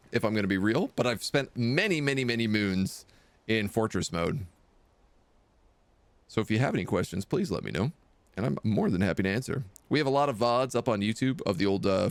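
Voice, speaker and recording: Streaming a video game, a man chats and reads the on-screen lines aloud in casual commentary, his pitch jumping up and down. The recording is dry and close to the mic, with no echo.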